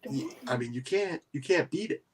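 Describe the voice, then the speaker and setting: A man's voice: on the high side, expressive, moderate pace, crowd noise. A man hosting a casual livestream chat, rambling with many restarts. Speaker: livestream host.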